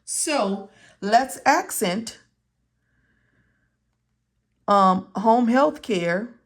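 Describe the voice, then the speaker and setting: With a fairly high, gravelly voice, a woman teaches medical coding step by step in an animated way, drawing out her words. She returns to key terms repeatedly and answers her own questions throughout the tutorial.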